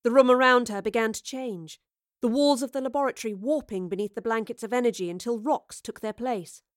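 A woman reading a story aloud in a steady, even narration. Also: on the high side, fairly quick, no room sound, studio quality. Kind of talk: audiobook narration.

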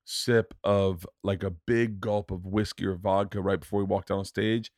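A man's voice: low-pitched, level tone, normal speed, a little mellow, no echo, studio quality. A man hosting a podcast in casual chat, rambling through stories and acting out sketches in funny voices. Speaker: podcast host.

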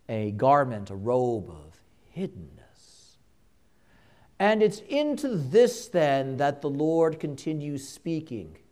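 A man preaching a sermon, slow and emphatic, with dramatic pauses and quiet hushed drops. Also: a little high.

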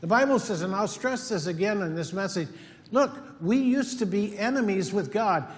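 A man's voice: high-pitched, lively intonation, moderate pace. A middle-aged male pastor preaching a sermon in an earnest, emphatic way, repeating his key points. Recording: long hall reverb.

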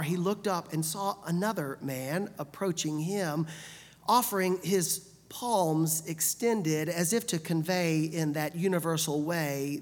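A woman narrating a story in a measured, deliberate way. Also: low voice. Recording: long hall reverb.

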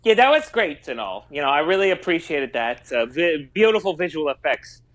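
A man's voice: fairly high pitch, sing-song, a little fast, fairly bright tone. A man voicing a goofy, rambling longtime male fan who calls in to a comedy podcast, talking in a folksy way. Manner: folksy, rambling, with down-home exclamations. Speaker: caller. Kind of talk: improvised comedy bit.

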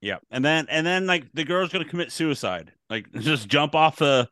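A man co-hosting a casual movie podcast, talking hesitantly and filling his pauses with "um" and "uh". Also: on the high side, expressive, bright, forceful tone, no room sound. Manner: hesitant, many fillers. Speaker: podcast co-host.

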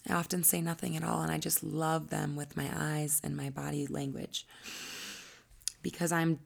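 A woman coach with a low, husky voice and a gravelly fry, speaking in a teaching monologue. She explains ideas at length and sometimes slips into soft, breathy asides. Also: little pitch movement, moderate pace. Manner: acts out quoted voices, drops to soft asides.

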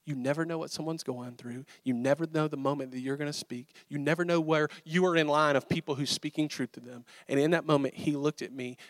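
A man preaching a sermon, telling stories in a casual, animated, conversational way. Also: on the high side, a little fast, few pauses, no echo. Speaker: pastor.

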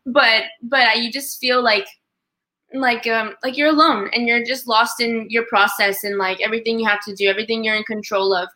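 A young woman with a fairly high, bright voice, a guest in a relaxed conversation. She talks in a chatty, easygoing way and fills her sentences with "like.". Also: fairly quick. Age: young adult. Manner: chatty, uses "like" a lot, laughs easily. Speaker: guest, collegiate golfer. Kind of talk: casual chat.

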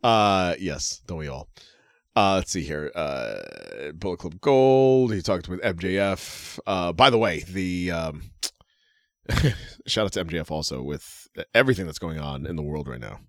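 Low-voiced laughing podcast co-host. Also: male voice, sing-song, a bit bright, dry recording, studio quality. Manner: laughs often, halting with fillers. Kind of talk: casual chat.

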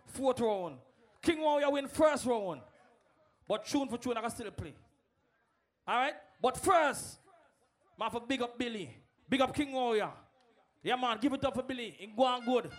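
High-voiced man announcing a sound clash. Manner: loose, laughing chat broken by loud crowd calls. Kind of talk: announcing round results. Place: live dance event.

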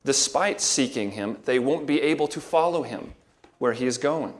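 A man preaching a sermon, reading scripture aloud, then explaining it in a measured, emphatic way with rhetorical questions. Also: mid-range voice, expressive. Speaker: pastor.

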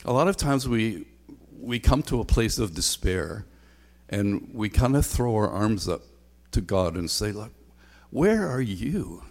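Low-voiced male pastor in a reverberant hall. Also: lively intonation, measured pace, darkish tone. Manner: conversational, with frequent ums and repeated refrains. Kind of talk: sermon.

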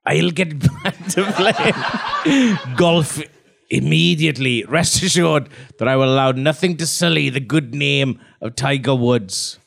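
Guy doing a slow solemn scottish golf priest, super gravelly. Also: on the high side, fairly bright tone, full character voice. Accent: put-on Scottish. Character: earnest male golfer priest hunting Satan. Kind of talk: improvised comedy role-play.

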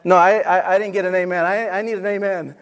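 A man's voice: sits high, steady tone, quick pace, clean tone. A middle-aged male pastor preaching a sermon, telling stories and calling the congregation to answer amen. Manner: calls for amens, tells stories.

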